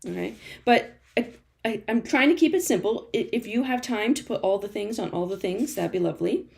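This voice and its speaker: A woman's voice: medium pitch, expressive, brisk, vocal fry, a little mellow. A woman running a live-stream art journaling class from a studio, chatty and encouraging, laughing often and answering viewer comments as she works. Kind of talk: live-stream crafting demo.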